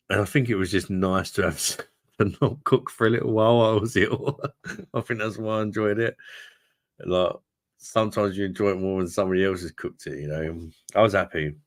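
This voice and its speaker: A deep, low-voiced man chatting on a live stream, rambling and laughing often between thoughts. The sound is dry and close, with no room echo. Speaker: beer review channel host. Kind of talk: casual live-stream chat with viewers.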